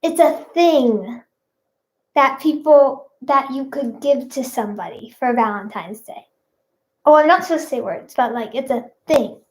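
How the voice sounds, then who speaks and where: A young woman with a bright, high voice chats casually with her viewers on a live stream. She's expressive and a little slow, bubbling along as she rambles and giggles.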